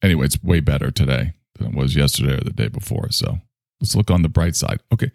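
A man's voice: extremely low pitch, animated, fast, gravelly, a little mellow, dry recording, studio quality. A man hosting a casual solo podcast monologue, rambling and self-mocking while in back pain. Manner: rambling, self-mocking, swings between grumbling and enthusiasm. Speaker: podcast host.

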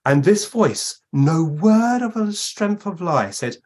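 A man, a guest medium, telling lively anecdotes in a podcast interview and acting out the voices he quotes. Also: on the high side, takes it slowly, hardly any pauses.

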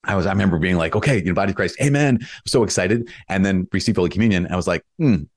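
Man, priest, interview guest: very low voice, earnest and animated when telling a story. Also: racing. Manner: earnest, animated storytelling, mimics himself with raised voice. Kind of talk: conversational interview.

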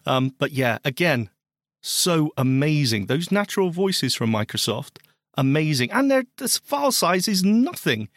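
A man with a West Country English accent, co-hosting a podcast in relaxed, enthusiastic chat about tech, with hesitant fillers. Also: on the high side, measured pace, no echo, clean studio sound. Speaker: podcast co-host.

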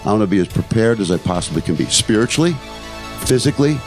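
Talking fast and expressively over music, an older podcast host with a fairly low voice delivers a reflective storytelling monologue. He's earnest and motivational and repeats phrases for emphasis.

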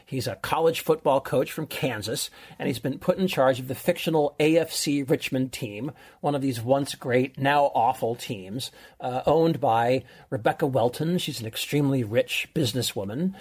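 A middle-aged man co-hosts a casual podcast, rambling enthusiastically through a recommendation. His voice is husky at a medium pitch. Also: moderate pace, a little mellow. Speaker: podcast co-host, film recommender. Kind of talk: casual chat.

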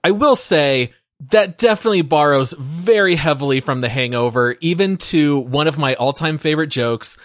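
A man's voice: a little high, normal speed, a bit bright, no echo, studio quality. A man co-hosting a gaming podcast, offering wry, amused commentary. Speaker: podcast co-host. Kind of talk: casual chat.

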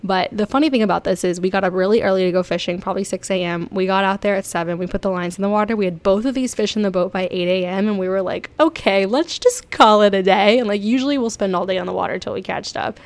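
Young woman just chatting, excitable, laughs a lot, medium voice. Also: medium pitch, racing, hardly any pauses. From South Florida. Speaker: vlogger. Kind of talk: casual storytelling.

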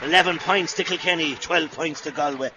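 An Irish man doing live radio commentary on a match, rapid, and shouting at the big plays. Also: a little high, noisy background. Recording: lo-fi radio broadcast with loud crowd. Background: loud stadium crowd.

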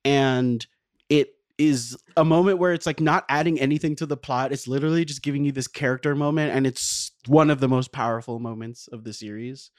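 A man's voice: medium pitch, fairly quick, no room sound. Guy guesting on a podcast, explains things thoughtfully, dry studio mic. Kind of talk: casual chat.

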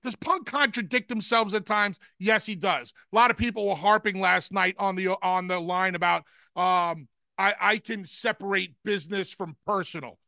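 Gravelly, bright-toned wrestling analyst man. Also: high-pitched, no echo, clean studio sound. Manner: deliberate, slows down to make points. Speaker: podcast co-host, wrestling analyst. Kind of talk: casual wrestling talk.

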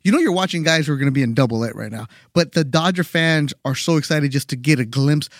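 A man's voice: a little high, fast talker, no echo, clean studio sound. A man hosting a sports podcast, opening with upbeat hype, then asking conversational questions. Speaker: podcast host.

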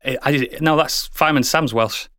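A man co-hosting a comedy podcast, swearing and laughing as he pitches a story. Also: normal speed, bright, forceful tone, no echo, studio quality.

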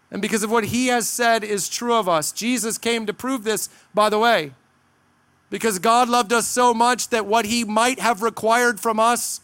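A man with a high, smooth, resonant voice delivers an earnest sermon. He preaches with emphasis, sometimes slipping into quick dramatized asides. The sound is dry and close. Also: a bit bright, no echo. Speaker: pastor.

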